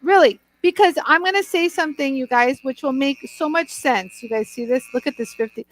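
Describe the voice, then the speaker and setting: A woman's voice: high-pitched, brisk, few pauses, no echo, poor audio. A woman hosting a chatty live demonstration, bubbly and laughing often, greeting viewers by name. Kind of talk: chatty live product demo.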